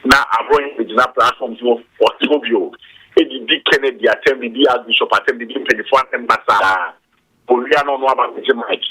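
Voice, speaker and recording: A man calling into a talk show over the phone, speaking haltingly and rambling. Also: mid-range voice, pushed and bright, slight background noise. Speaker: caller. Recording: phone line.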